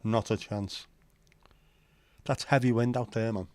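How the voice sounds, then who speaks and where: A man with a lowish voice chats on his livestream, bantering and swearing as he answers viewers. The sound is dry and close. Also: fairly even intonation, measured pace, darkish tone, no echo. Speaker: livestream host. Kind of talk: casual chat reading viewer comments.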